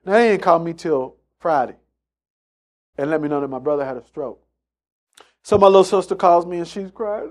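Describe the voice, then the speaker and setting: A man's voice: high voice, lively intonation, a little fast, darkish tone. A man preaching a sermon, emphatic and repetitive, acting out the voices of people in his stories. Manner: emphatic, repeats phrases, acts out quotes in story.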